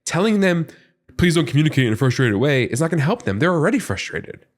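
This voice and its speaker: A man's voice: fairly high pitch, fast. A man in casual podcast chat whose voice leaps up and down as he gets worked up. He talks in an earnest, rambling way, stacking up "like" between thoughts, frustrated but reasonable. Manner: animated, rambling, heavy use of "like". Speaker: podcast panelist.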